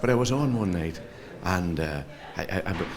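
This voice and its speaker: A middle-aged Donegal Irish man with a very low voice, chatting away as an interview guest and telling anecdotes, tripping over his own repeated words as he goes. The chatter of a crowd carries on steadily behind him. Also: expressive, normal speed. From Ireland. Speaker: comedian and playwright guest. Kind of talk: casual interview chat.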